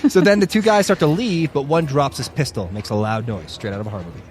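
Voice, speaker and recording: Fast-talking male podcast storyteller. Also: mid-range voice. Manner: animated, profane, rambling with fillers. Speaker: podcast co-host. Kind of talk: casual storytelling.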